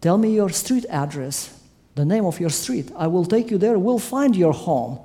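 Police officer voiced by a preacher, kindly, patient, reassuring, fairly high voice. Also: male voice, lively intonation, moderate pace, dark tone. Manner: reassuring, then growing impatient.

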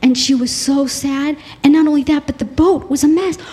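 A woman with a bright, high voice tells a dramatic story as part of a devotional talk. She speaks earnestly and warmly animated, often restarting her sentences. She closes with a scripture passage. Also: moderate pace. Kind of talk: storytelling sermon.

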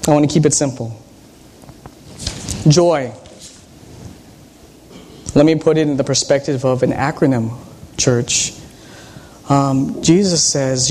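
A man's voice: medium pitch, takes it slowly, long pauses, darkish tone, slight background noise. A man, a pastor, preaching a sermon in a teacherly way, quizzing the congregation and retelling Bible stories with animation.

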